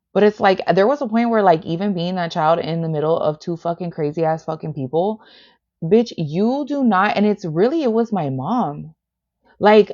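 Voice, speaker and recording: A woman's voice: fairly low pitch, a little mellow, dull audio. A woman reading tarot on a livestream, blunt and heavily profane, filling her talk with "like". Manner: profane and blunt, heavy "like" and "bitch" fillers. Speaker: tarot reader.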